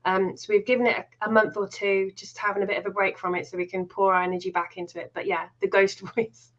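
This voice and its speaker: A woman's voice: medium pitch, flat delivery, fast, a bit bright. A woman cutting in on a video call, her voice muffled and lo-fi. She keeps apologizing and laughs easily as she plugs her own chat show. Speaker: guest and online chat co-host. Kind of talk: casual live-stream chat.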